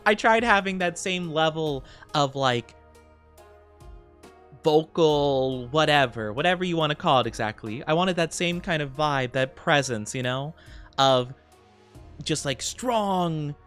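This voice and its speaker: A man's voice: fairly high pitch, lively intonation, slow, a bit bright, soft background music. A young man streaming casually, chatting with viewers in a rambling way, with frequent laughs and fillers. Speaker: VTuber streamer. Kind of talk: casual live-stream chat.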